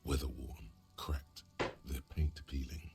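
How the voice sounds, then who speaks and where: A man giving measured, scripted narration as the voice of a video game. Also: a bass voice, flat delivery, music in the background, heavily acted.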